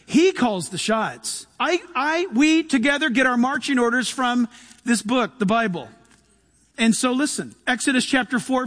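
A man preaching an animated sermon, acting out quoted voices and saying "listen" often. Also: very high-pitched. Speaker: pastor. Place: church.

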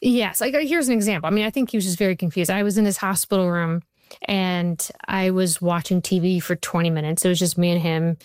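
A woman in her forties with a smooth, resonant voice sitting a little low, chatting as a guest in an interview. She tells stories with animated, chatty energy and plenty of fillers. The sound is dry and close. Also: a little fast, no echo. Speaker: TV writer and showrunner guest. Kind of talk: conversational interview.

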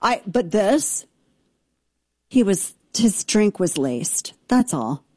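A brash woman host riffs on politics, sarcastic and fast. Her voice is mellow and dark, at an ordinary pitch. The sound is dry and close to the mic. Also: sing-song, no room sound. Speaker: talk show host. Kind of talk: opinionated political talk.

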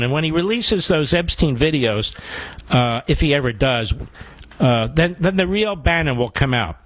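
A man's voice: a little high, dry recording, rough recording. A man hosting a call-in radio talk show, combative and opinionated, with a sarcastic edge. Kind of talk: talk radio, taking calls.

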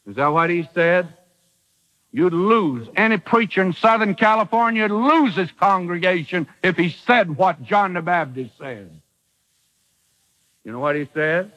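A man's voice: high voice, lively intonation, a little slow, pushed and bright, rough recording. A man preaching a dramatic sermon, acting out the quotes in the bible story.

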